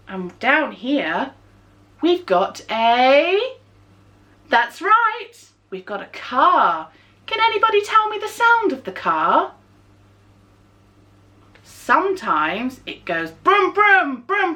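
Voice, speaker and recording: Animated English woman leading storytime. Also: fairly high pitch. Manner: animated, coaxing, making animal sounds. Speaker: children's storytime leader. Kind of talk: reading a touch-and-feel book to young children.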